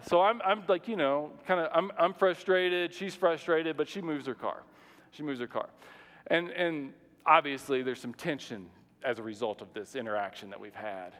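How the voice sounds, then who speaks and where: A pastor in his thirties tells a personal story from the pulpit in a fairly high, lively voice. He talks casually, stumbling over restarts and fillers. His words ring out with the long reverb of a large church hall. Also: moderate pace. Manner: animated, conversational, many restarts and fillers. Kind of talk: sermon storytelling. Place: church sanctuary.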